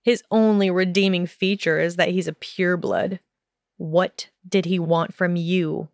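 A cold sneering teen wizard boy, talks low and harsh, slow and smooth, dry audiobook read by a woman. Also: steady tone, dry recording. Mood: contemptuous.

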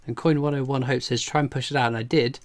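A man's voice: medium pitch, steady tone, fast. Chatty English man hosting a stream. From England. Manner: chatty and jokey, laughs often. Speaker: coin collecting livestream host. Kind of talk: casual livestream chat, reading viewer comments.

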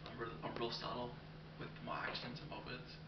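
Flat, deadpan young man in an echoey room. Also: mid-range voice, a little fast. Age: young adult. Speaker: mock interviewee. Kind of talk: improvised comedy skit. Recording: roomy, distant, dull, with clear background noise.

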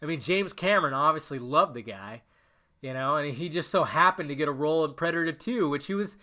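A man's voice: on the high side, lively intonation, fairly quick, pushed and bright. A young man hosting a casual solo podcast, rambling and emotional, cursing often as he talks. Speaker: podcast host.

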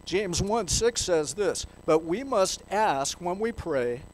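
A man's voice: high-pitched, expressive, slow pace, a little hiss or hum, low-quality recording. A man preaching a sermon in a church, reading scripture aloud and putting questions to the congregation. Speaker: pastor.

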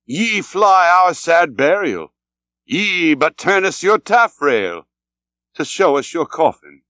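A man voicing a foreboding sailor who calls out slowly and ominously, pitched above his own voice. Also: very animated, bright, forceful tone, no echo, exaggerated voice. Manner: slow, drawn-out, ominous. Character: foreboding male sailor, prophetic and doleful.

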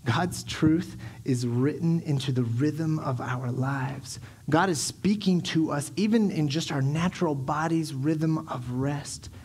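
A man in his thirties preaches from a church stage with a slightly high voice. He tells family stories animatedly, playing out his kids' lines and his own exasperation. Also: takes it slowly, hardly any pauses, husky. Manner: animated storytelling, acting out his kids and himself. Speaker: pastor. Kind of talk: sermon. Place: church sanctuary.

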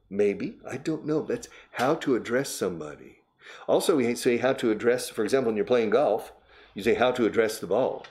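A man's voice: fairly low pitch, fairly quick, darkish tone. Older man teaching English, chatty. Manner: chatty, switches into Spanish to explain words. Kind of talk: casual spoken English lesson.

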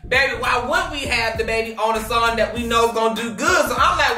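A woman hosting a gossip show, loud and swearing, who laughs and shouts a lot. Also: fairly high pitch, a little fast, echoey room, distant mic, soft background music. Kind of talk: loud casual gossip commentary.

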